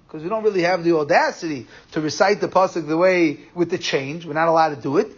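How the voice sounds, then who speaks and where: A man teaching a Torah class, explaining quickly and animatedly, with Hebrew and Yiddish terms in his English. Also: on the high side. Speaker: rabbi giving a class. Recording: muffled lo-fi recording.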